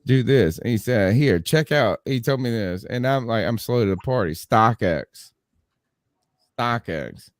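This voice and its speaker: A male podcast host chatting casually, acting out quotes and breaking into laughter as he tells stories. His voice sits at an ordinary pitch, recorded close and dry with no room sound. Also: moderate pace, hardly any pauses, no echo. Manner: animated storyteller, acts out quotes, laughs often. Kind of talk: casual chat.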